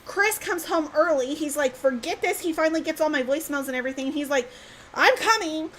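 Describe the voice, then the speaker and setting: Woman, podcast host, animated, high voice, faint noise. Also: fast talker, poor audio. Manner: animated, excitable, swears mildly. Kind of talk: casual storytelling.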